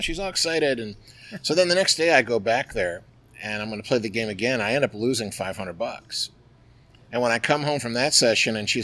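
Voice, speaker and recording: A man's voice: mid-range voice, a little fast. Middle-aged guy rambling through poker stories on a podcast, lots of likes and you knows. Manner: lively, chatty, filler-heavy. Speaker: guest, poker player. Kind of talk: interview storytelling.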